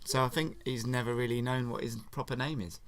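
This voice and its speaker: A man casually retelling a film as a story to his child, relaxed and playful. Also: mid-range voice, fairly quick.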